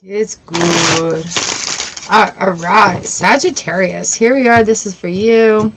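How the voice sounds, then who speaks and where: A woman giving a casual tarot reading, chatty and encouraging, with lively outbursts. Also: medium pitch, takes it slowly, slight background noise, low-quality recording. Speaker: tarot reader.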